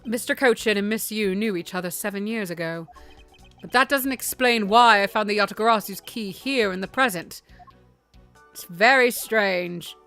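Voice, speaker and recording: A woman voicing a composed, formal male prosecutor who speaks in a polite, measured way. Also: mid-range voice, fairly bright tone, faint music behind, natural voice. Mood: pondering.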